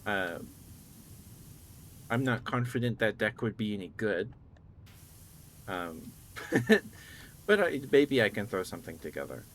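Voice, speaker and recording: A man streaming live, chatting in a relaxed way and thanking viewers, still groggy with a morning voice. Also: lowish voice, slow pace, long pauses, slight background noise. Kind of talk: casual live-stream chat.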